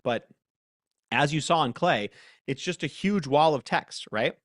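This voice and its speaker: Excitable man demoing on a live stream. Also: on the high side, a little slow, dry recording, studio quality. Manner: laughs often, excitable, thinks aloud. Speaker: presenter. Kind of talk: live workshop demo, casual.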